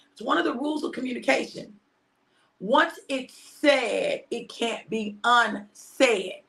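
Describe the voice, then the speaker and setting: A woman pastor preaches conversationally on a livestream, repeating phrases for emphasis and dropping into hushed tones. Her voice sits on the high side and carries vocal fry.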